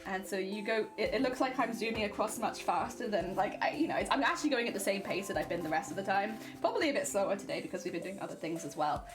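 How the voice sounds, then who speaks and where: A woman chatting casually on a live stream as she sews, thinking out loud and answering chat. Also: mid-range voice, quick pace, few pauses. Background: music and sewing machine.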